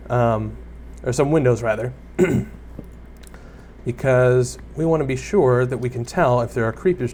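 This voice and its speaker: A young man talks his way through a block-building game in a loose, rambling stream, often poking fun at himself and chatting with the creatures he meets. His voice sits at an ordinary middle pitch. A faint hum of ambient noise stays under the recording. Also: darkish tone. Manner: rambling, self-deprecating, talks to viewers and mobs. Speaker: gaming YouTuber. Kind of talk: casual Let's Play commentary.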